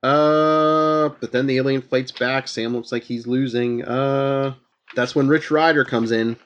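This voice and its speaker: A man's voice: mid-range voice, fairly even intonation, unhurried, dull audio. Casual man retelling comic plots. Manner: rambling retelling with many fillers. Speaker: podcast host. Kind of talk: casual comic book recap.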